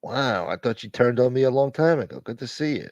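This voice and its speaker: A man hosting a casual livestream, thanking donors and shouting out viewers by name in a profane, joking way. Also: mid-range voice, lively intonation, fairly quick, no room sound, highs cut off. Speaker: livestream host. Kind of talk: casual live chat reading donations.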